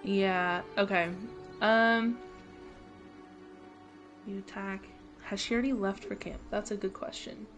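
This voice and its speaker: A woman's voice: mid-range voice, fairly even intonation, takes it slowly, long pauses, fairly bright tone, faint music behind. A woman from California with an American accent, guiding a friend through a video game on stream. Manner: helpful, giving step-by-step directions. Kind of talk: casual game stream chat.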